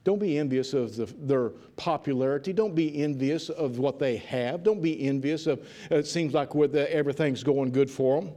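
A man's voice: on the high side, normal speed, hardly any pauses, mellow. A man preaching a sermon in church in a fervent, repetitive way, restarting his phrases as he goes. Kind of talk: evening sermon. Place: church with a congregation answering.

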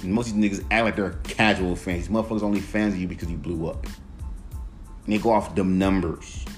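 A man's voice: low voice, fairly even intonation, fast talker. A man hosts a solo podcast and rants in a loose, casual way. He is profane and emphatic, and he keeps slipping into mocking voices when he quotes other people. Faint music plays underneath him. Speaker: podcast host.

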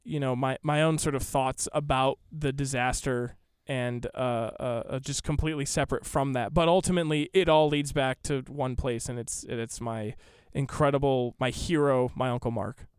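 A man's voice: mid-range voice, steady tone, moderate pace, smooth, no echo, studio quality. A young man as a guest in a casual chat, talking in a hesitant, rambling way and swearing casually.

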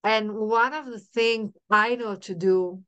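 Halting middle-aged woman. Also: mid-range voice, fairly even intonation, pushed and bright, clean tone. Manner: halting, repeats herself, many restarts. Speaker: podcast guest. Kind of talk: emotional personal storytelling.

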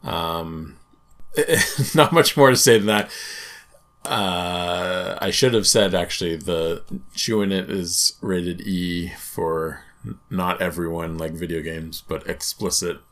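Deep-voiced podcast host, easygoing. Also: male voice. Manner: relaxed, chuckling, offhand. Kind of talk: casual podcast chat.

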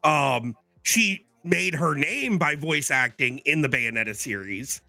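Male podcast co-host, rambling explainer, gravelly and bright, dry mic. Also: a little high, expressive, a little slow, dry recording. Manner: rambling, filler-heavy explaining. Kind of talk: casual podcast chat.

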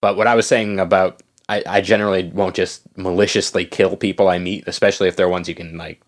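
A man's voice: deep voice, level tone, fast. A man in casual chat about a video game, laughing often and swearing freely.

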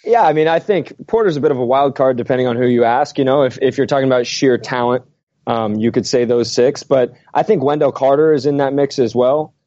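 Mellow man analyst, dry lo-fi sound. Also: medium pitch, brisk, no room sound. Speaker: draft analyst. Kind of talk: basketball podcast discussion.

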